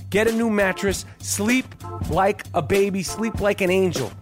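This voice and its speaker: Unhurried and high-voiced, a man hosts a sports podcast and reads an ad while music plays in the background. He rambles on in a brash, profane manner, checking in with "okay?" over and over.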